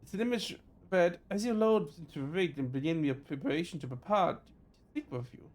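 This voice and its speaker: This streamer, a man with a German accent, reads game text aloud during a let's play in a fairly high, animated voice with a darkish tone. His reading is halting, and he often stumbles and corrects himself.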